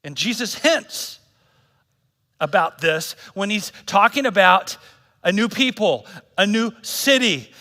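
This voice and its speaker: A man delivers a sermon in a relaxed, joking manner with a bright, forceful voice. The long reverb of a church hall trails behind him. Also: high voice, takes it slowly. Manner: casual, joking, slangy preaching. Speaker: pastor. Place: church service.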